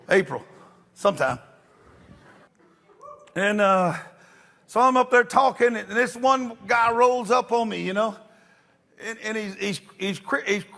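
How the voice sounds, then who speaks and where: An older man preaching, telling stories in an animated way that breaks into shouts and laughter. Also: high voice, creaky. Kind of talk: sermon storytelling.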